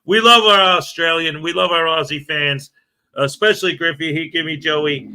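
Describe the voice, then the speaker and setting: An American man hosts a casual morning livestream, laughing and chatting as he greets viewers and reads their comments aloud. His fairly high voice is bright and pushed, moving at a normal speed.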